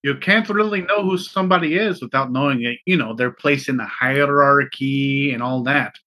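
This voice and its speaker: A man's voice: mid-range voice, moderate pace, pushed and bright. A man playing a tabletop game, talking hesitantly with fillers. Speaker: player. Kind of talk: casual tabletop game play.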